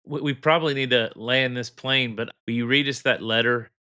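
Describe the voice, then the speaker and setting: A man's voice: mid-range voice, fairly even intonation, moderate pace, bright, forceful tone, smooth. A male podcast host in casual chat, giving short reactions and steering the talk along.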